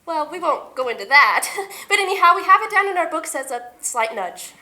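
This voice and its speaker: A woman's voice: high voice, very animated, brisk, pushed and bright, exaggerated voice. A woman playing a spunky, level-headed young female union worker in a stage musical, cool and firm in manner. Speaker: stage actor. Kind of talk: amateur stage musical acting.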